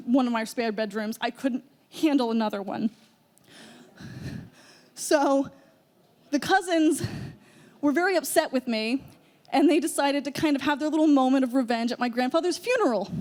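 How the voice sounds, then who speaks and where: High-voiced woman telling a live story. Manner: conversational, lively, puts on voices for relatives. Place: live event stage.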